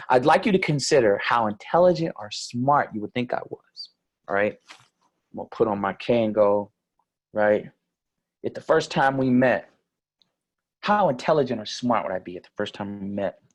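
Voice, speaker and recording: Husky-voiced man giving a keynote. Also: mid-range voice. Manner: energetic, questioning the audience. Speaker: keynote speaker. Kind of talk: conference keynote speech.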